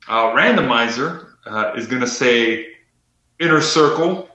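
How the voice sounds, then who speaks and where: A man's voice: mid-range voice, lively intonation, measured pace, sharp tone, reverberant, dull audio. A man co-hosting a casual wrestling predictions chat, joking and laughing often as he reads out picks. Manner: laughs often, jokey asides. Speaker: co-host reading predictions.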